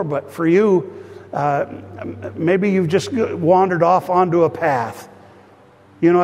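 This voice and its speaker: Earnest pastor preaching in a reverberant hall. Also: male voice, fairly high pitch, a little mellow. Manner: earnest, addresses congregation directly. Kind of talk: sermon with prayer. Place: church sanctuary. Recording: long reverb of a church hall.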